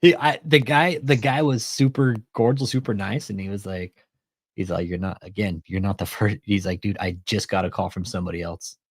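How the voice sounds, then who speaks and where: A man with a fairly low voice chatting casually as a commentary host, recorded dry and close. He swears often and tells his story by acting out both sides of a phone call. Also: steady tone, brisk, a little mellow, no echo. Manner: profane, retells phone calls with quoted dialogue.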